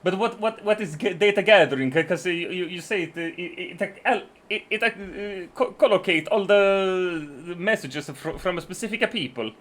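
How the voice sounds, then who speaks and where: A man's voice: high voice, moderate pace, few pauses, fairly bright tone. Profane, stammering streamer man. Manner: profane, joking, stammers and restarts often. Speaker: live streamer. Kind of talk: casual live-stream chat while reading terms of service aloud.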